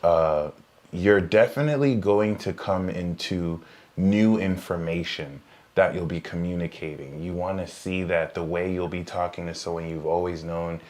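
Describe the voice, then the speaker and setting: Deep voiced guy doing a live tarot reading, jokey, laughs a lot, trails off mid-thought. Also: moderate pace, darkish tone. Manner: joking, laughs often, trails off mid-sentence. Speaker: podcast co-host, tarot reader.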